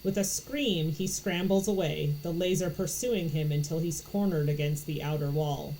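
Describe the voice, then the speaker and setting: A woman's voice: low-pitched, moderate pace, warm tone, slight background noise, rough recording. A woman from Florida reading a novel aloud, narrating in first person with expression. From Florida, USA. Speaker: audiobook reader.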